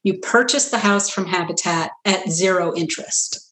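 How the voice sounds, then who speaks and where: Low-voiced woman doctor telling stories. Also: moderate pace. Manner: earnest, animated when quoting others. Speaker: family physician, practice founder. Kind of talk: conversational interview storytelling. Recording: roomy echo.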